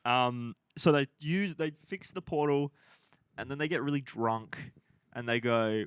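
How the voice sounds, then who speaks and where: Animated young man, dry sound. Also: mid-range voice, measured pace, clean tone, no echo. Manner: animated, swearing, acting out characters' lines. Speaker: podcast co-host. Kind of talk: casual chat, retelling a film plot.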